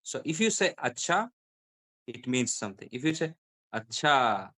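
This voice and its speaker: Man slowly demonstrating word stress. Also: medium pitch, animated. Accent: British. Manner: repeats example words slowly to demonstrate stress. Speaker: guest English pronunciation speaker. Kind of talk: explanatory conversation.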